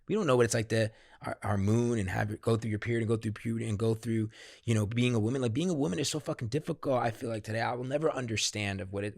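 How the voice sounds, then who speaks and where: A man, a podcast guest, candidly recounting a personal experience in casual, profanity-laced talk that grows animated when he quotes himself. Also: on the low side, vocal fry, no echo, studio quality. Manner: swears freely, animated when quoting himself. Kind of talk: candid conversational storytelling.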